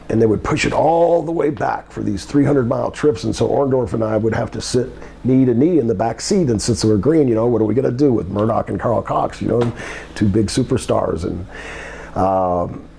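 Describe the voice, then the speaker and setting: An older man telling a long anecdote as an interview guest, halting with many ums and restarts, his voice climbing when the story gets exciting. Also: lowish voice, gravelly, a little hiss or hum. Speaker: guest telling old wrestling stories.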